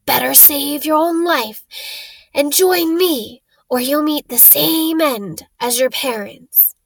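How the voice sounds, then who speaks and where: A woman voicing an evil male dark lord, a face growing from another man's head, with a high, hissing, slow and menacing voice. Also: gravelly, exaggerated voice, poor audio.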